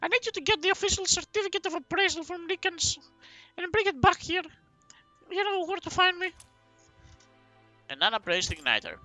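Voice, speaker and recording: A man voicing an eager, chatty monastery trader in a high falsetto, reading game dialogue aloud. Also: sing-song, fairly quick, bright, forceful tone, no echo, soft background music, full character voice.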